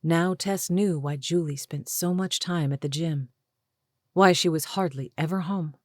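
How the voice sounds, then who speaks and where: A woman with a low voice reads a romance audiobook, measured and even. The sound is dry and close, with no room around it. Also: no echo. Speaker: audiobook narrator. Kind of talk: scripted narration.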